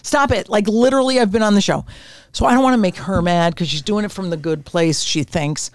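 A woman in her sixties, a retired comedian and podcast guest, telling stories in a brash, profane, animated way. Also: mid-range voice, brisk, no room sound. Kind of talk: casual storytelling. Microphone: podcast mic on camera.

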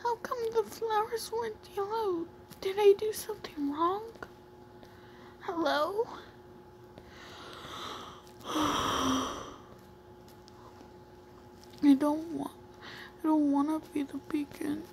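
A woman's voice: very high voice, takes it slowly, pauses often, darkish tone, slight background noise, voice pushed up, exaggerated voice. A woman voicing a distressed young comic character who pleads and insists that something be fixed, reading the comic aloud with voices. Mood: bewildered.

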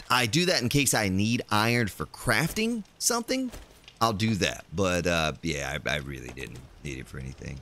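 A man's voice: fairly low pitch, bright, forceful tone, a little hiss or hum. A man streaming a video game, chatting casually and rambling to his viewers. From United States. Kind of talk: casual live-stream commentary.

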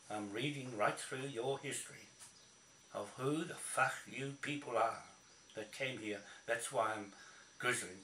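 A man's voice: on the low side, sharp tone. A man with a New Zealand accent, delivering a combative, swearing rant aimed at someone he calls out by name. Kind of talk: angry rant to camera. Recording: echoey, from a distance, faint noise.

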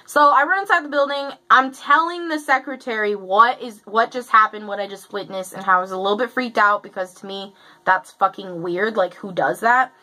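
A woman's voice: medium pitch, a little fast, pushed and bright, poor audio. A young woman chatting through a story for her vlog, casual and profane, full of fillers. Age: young adult. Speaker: vlogger.

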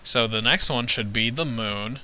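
A man's voice: mid-range voice, unhurried, pushed and bright, poor audio. A man playing through a video game with dry, teasing comebacks in casual commentary. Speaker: let's play player.

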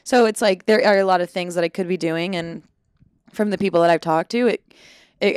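Playful young woman, smooth low voice. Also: dry recording, clean studio sound. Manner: animated, playful, laughs often. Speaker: podcast guest, actor. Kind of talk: casual chat.

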